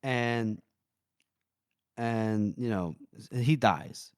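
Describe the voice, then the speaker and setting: A man's voice: medium pitch, drawn-out words, clear, resonant tone, dry recording, studio quality. A man co-hosting a book podcast, retelling scenes casually and acting out characters' lines. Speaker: podcast co-host.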